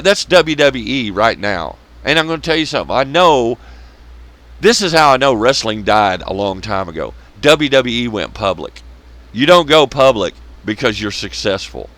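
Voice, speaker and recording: A man's voice: lowish voice, a bit bright. A man giving blunt, sarcastic, profane commentary on a rant vlog, laughing at his own jokes. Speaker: wrestling commentary vlogger.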